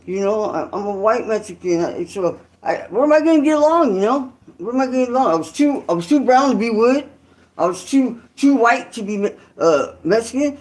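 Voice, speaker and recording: This Santa Clara, California man hosts his own channel and tells a story in a rambling, slangy monologue full of restarts and asides. His voice is very high-pitched and lively in intonation, and he talks briskly.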